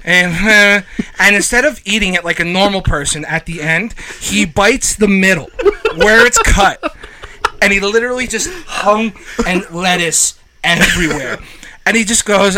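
A man co-hosting a podcast, telling animated, profane stories and laughing through them. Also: sits high, moderate pace, a crowd in the background, poor audio. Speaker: podcast co-host. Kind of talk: casual storytelling chat.

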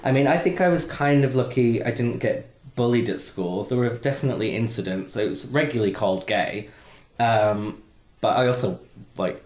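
Animated man in an echoey room. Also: medium pitch. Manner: animated, teasing, laughs often. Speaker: podcast co-host. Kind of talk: casual chat. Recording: roomy echo.

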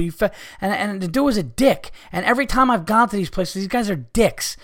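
A man with a high voice hosts his podcast in a heated, profane rant. He talks with frustration and swears freely throughout. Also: expressive, brisk, few pauses, fairly bright tone. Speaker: podcast host. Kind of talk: ranting podcast monologue.

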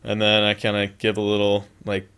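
A young man from Southern California, a guest on an interview, recounting events in a relaxed, easygoing way. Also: on the low side, fairly quick, clean tone. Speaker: beach volleyball player and coach, guest. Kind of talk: casual interview storytelling.

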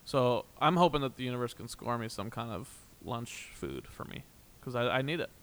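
A man's voice: mid-range voice, animated, normal speed, a bit bright. A young man hosting a casual podcast, rambling and playful, often laughing. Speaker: podcast host. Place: small room, in doors.

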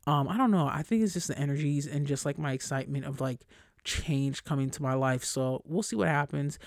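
Recorded dry and at studio quality, this solo monologue comes from a young adult podcaster who speaks casually, bluntly and with plenty of slang and profanity. The delivery is brisk, and getting fired up pushes the voice high and loud.

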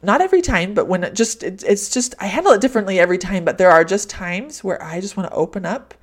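A woman's voice: mid-range voice, animated, quick pace. A woman life coach hosting a podcast, talking candidly and reflectively about her feelings, often repeating soothing phrases.

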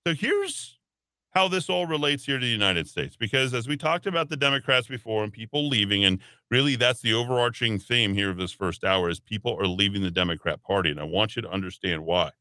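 A man hosting a talk radio show, giving opinionated commentary in an animated, sarcastic, rambling way. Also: fairly low pitch, a little fast, dry recording. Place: radio studio.

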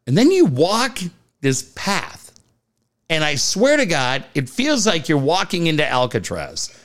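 A man's voice: fairly high pitch, huge pitch swings, measured pace, fairly bright tone. A middle-aged man co-hosting a podcast, telling stories in casual chat, acting out the dialogue and swearing freely. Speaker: podcast co-host.

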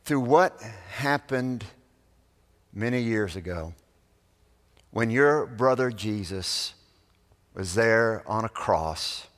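A man preaching a sermon, telling a story that swells loud and then drops to a hush. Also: lowish voice. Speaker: pastor. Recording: long reverb of a large hall.

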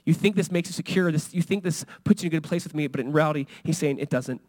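Male pastor, high voice, dry close sound; casual, lively sermon delivery that acts out quotes. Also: fast, dry recording. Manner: conversational, animated, acts out quotes.

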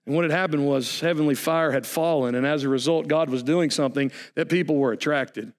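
A man preaching a sermon as pastor, animated and folksy, with jokes and asides to the congregation. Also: on the high side, fairly quick.

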